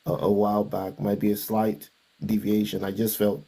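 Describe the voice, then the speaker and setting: A man's voice: on the low side, completely flat delivery, normal speed, vocal fry, mellow, husky. A man sharing a personal faith story in conversation, reflective and a bit hesitant. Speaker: guest.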